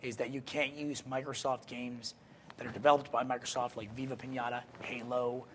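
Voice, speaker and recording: A man with a mid-range voice explains things in a measured, thinking-aloud way during a casual podcast chat. A faint hiss and some room ambience sit behind his voice. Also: mid-range voice, flat delivery. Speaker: podcast co-host.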